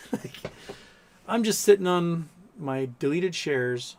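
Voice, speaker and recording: A man's voice: a little high, expressive, slow pace, a little mellow. A man hosting a casual livestream, reading chat messages aloud and telling long, rambling stories with plenty of swearing. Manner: rambling, profane, storytelling, reads chat aloud. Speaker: livestream host.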